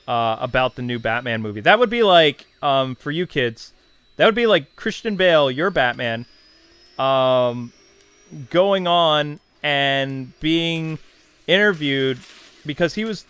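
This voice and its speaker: A man's voice: medium pitch, lively intonation, a little slow, fairly bright tone, smooth. A man in his thirties, a channel host, casually reminiscing in a chatty, digressive way with many asides.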